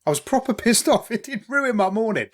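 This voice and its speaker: An East London podcast co-host chats casually through an episode, animated, laughing easily and swearing freely. His voice is somewhat higher than most men's.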